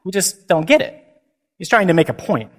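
A man, a priest, giving a lively and humorous conference talk with emphatic delivery. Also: high voice, normal speed. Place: large hall. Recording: long hall reverb.

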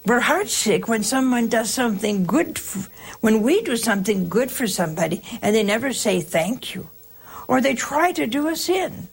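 A woman hosting a religious call-in show, giving an earnest, reflective spiritual talk in slow, emphatic parallel phrases. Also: a little high, very animated, vocal fry, breathy edge.

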